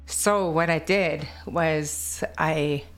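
A woman with a Kwakwala-influenced English accent, telling stories in a chatty, animated way during an interview. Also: low-pitched, drawn-out words, soft background music. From British Columbia, Canada. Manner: chatty, animated, quotes others in put-on voices. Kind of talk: casual storytelling chat.

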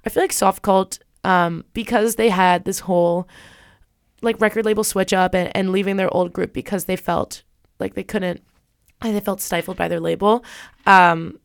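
A woman's voice: medium pitch, fairly even intonation, normal speed, gravelly, clean tone, dry recording, clean studio sound. A young woman hosting a radio music show, chatting casually and rambling with many fillers and restarts. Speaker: radio host.

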